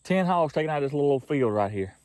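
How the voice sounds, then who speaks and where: A man's voice: a little high, expressive, fast talker, darkish tone, dry recording. A man with a Southern US accent, chatting folksily outdoors in a field while narrating his hog trapping vlog. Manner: folksy, chatty, laughs often.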